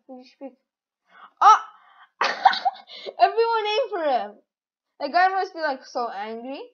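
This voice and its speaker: Giggly excitable woman, dull lo-fi audio. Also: high voice. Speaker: gaming channel host. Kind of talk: casual game commentary.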